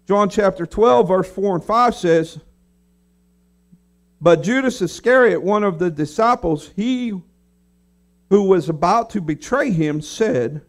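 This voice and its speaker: A pastor preaching in a high, light voice. He talks through the scripture plainly and conversationally and now and then acts out the voices of a grumbling crowd. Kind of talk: sermon.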